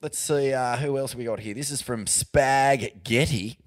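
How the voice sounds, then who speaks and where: A man's voice: mid-range voice, a little slow, no room sound, clean studio sound. An Australian man co-hosting a podcast, bantering crudely with lots of fillers and restarts. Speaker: podcast co-host. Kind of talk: casual banter.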